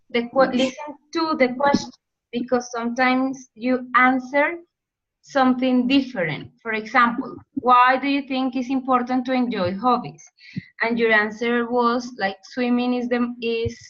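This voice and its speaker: Teacher, woman, bright and slightly high, patient corrective manner, dull lo-fi call audio. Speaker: English teacher. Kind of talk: online language class.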